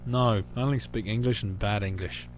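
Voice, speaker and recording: A man from the United States chatting casually with hesitant pauses as the host of his own channel. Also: on the low side, steady tone, a little hiss or hum. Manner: rambling, hesitant, full of pauses. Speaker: channel host answering questions. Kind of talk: casual recorded chat.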